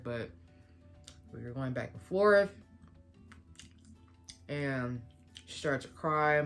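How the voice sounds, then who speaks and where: A young woman vlogger retelling a story in a casual storytime, quoting the back-and-forth of a conversation. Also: a bass voice.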